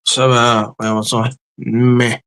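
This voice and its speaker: A man's voice: mid-range voice, flat delivery, takes it slowly, fairly bright tone, dry recording. A man chatting casually on a late-night live stream, rambling, trailing off and swearing a lot.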